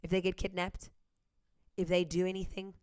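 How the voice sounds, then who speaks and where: A woman's voice: on the low side, little pitch movement, moderate pace, a little mellow, clear, resonant tone, no room sound, clean studio sound. A South African woman vlogger giving opinion commentary, asking a string of pointed rhetorical questions to her viewers.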